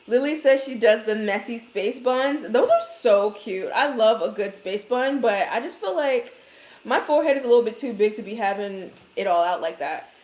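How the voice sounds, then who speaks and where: A woman's voice: fairly high pitch, lively intonation, moderate pace, darkish tone, echoey room. A woman from Brooklyn, New York, with a Brooklyn accent, chatting casually to livestream viewers and answering their comments with hair care advice.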